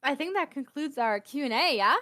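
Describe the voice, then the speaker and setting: A woman hosting a casual hockey podcast chat, enthusiastic and quick to laugh. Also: sits high, animated, bright, forceful tone. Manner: enthusiastic, giggly. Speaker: podcast host.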